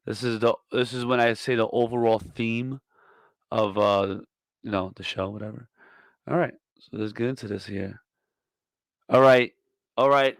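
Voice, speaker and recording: A man hosting a comedy podcast, delivering a profane, mock-scolding tirade that swings from loud to muttered. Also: fairly low pitch, lively intonation, moderate pace, vocal fry, pauses often, no echo. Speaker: podcast host. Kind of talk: comedic rant.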